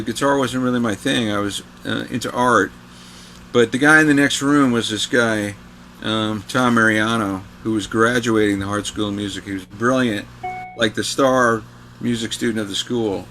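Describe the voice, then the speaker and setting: A man's voice: medium pitch, bright, forceful tone. A man in his sixties from New York, a guest guitarist telling rambling stories with many fillers and restarts. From New York, USA. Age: 60s. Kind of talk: casual anecdotal storytelling.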